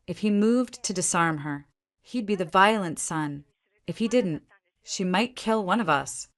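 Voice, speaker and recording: A woman with a somewhat low voice narrates a scripted first-person drama. Her delivery is tense and vivid, and it stays steady from line to line.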